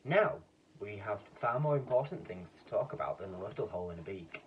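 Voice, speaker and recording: A man voicing a grand, excitable old duke in a children's story, pompous and booming. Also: brisk, phone-quality sound, a little hiss or hum, natural voice.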